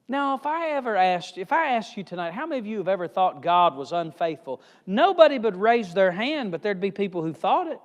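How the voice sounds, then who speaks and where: A male evangelist preaching a sermon with emphatic swings in pitch and loudness, recorded in a church hall. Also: very animated, a little fast, few pauses. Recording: reverberant hall.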